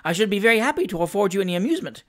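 A reader voicing stern elderly gentleman. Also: medium pitch, big pitch swings, rapid-fire. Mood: mild. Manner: stern, emphatic. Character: stout elderly gentleman, stern yet kindly. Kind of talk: audiobook character reading.

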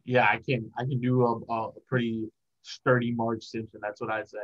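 A man's voice: medium pitch, flat delivery, moderate pace, a bit bright, muffled recording. A young man chatting casually as an interview guest, rambling and laughing often. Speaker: guest, content creator.

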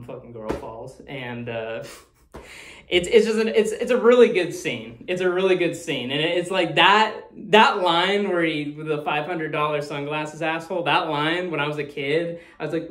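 A man's voice: a little high, moderate pace, fairly bright tone. A man talking casually as the host of a movie review, rambling, swearing freely and laughing often. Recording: roomy echo.

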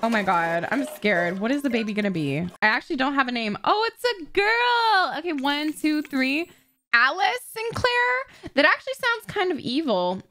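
Swearing freely, gasping, and laughing, a young adult gaming video host provides dramatic let's-play commentary on a life-sim game. She speaks at normal speed in a high, sing-song voice with a sharp tone.

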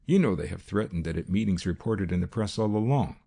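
A keyed-up male detective voiced by a man in an audiobook, low and urgent with a gravelly, husky edge. His tone is dark and a little pitched up from the narrator's own deep voice. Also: animated, a little fast, full character voice. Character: tense, hushed adult male detective. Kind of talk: audiobook character reading.

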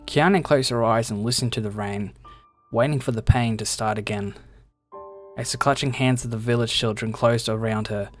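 A man reading a game's story text aloud with a steady storytelling delivery. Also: mid-range voice, normal speed, soft background music. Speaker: reader of game story text.

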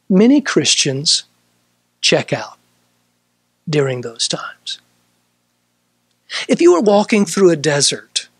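A male pastor preaching a midweek sermon, emphatic, repeating key phrases and moving between slow, drawn-out lines and quick bursts. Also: high-pitched, breathy edge, no room sound, clean studio sound. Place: church service.

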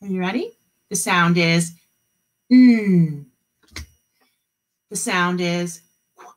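A woman teaching an online kindergarten class, modeling letter sounds slowly and cheering the children on. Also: lowish voice. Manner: slow, encouraging, drawn-out sound modeling. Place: home, video meeting.

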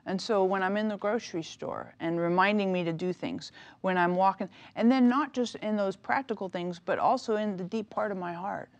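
A middle-aged woman, an author and minister, chatting as a talk-show guest, telling stories with animated energy and frequent laughter. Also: mid-range voice, moderate pace. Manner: animated storytelling, laughs often. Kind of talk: casual talk-show interview.

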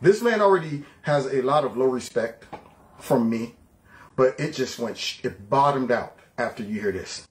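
A man's voice: mid-range voice, lively intonation, moderate pace. A man hosting a political reaction show with sarcastic, mocking commentary. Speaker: commentary host.

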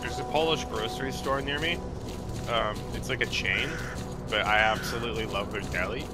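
A man's voice: mid-range voice, normal speed, loud music behind the voice. A man chatting casually and joking while playing a co-op shooter with a friend. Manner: joking and excitable. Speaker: co-op gamer. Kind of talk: casual let's-play chat.

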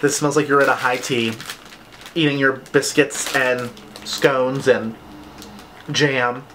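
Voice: medium pitch, steady tone, takes it slowly, fairly bright tone, slight background noise, rough recording. A vlogger chatting casually during an unboxing, with lots of "like" fillers. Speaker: vlogger reviewing candle scents.

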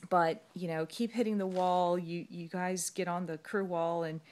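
A middle-aged woman gushes through a heartfelt thank-you to her team, her slightly low voice rising and cracking as she fights back tears. She talks casually, stringing thoughts together with plenty of ums. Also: fairly even intonation, normal speed, darkish tone. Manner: gushing and effusive, many ums, voice rising and cracking near tears.

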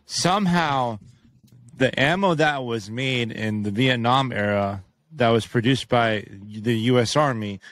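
A man co-hosting a casual podcast, rambling and halting with frequent restarts and casual swearing. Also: mid-range voice, fairly bright tone, dry recording. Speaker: podcast co-host. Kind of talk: casual chat.

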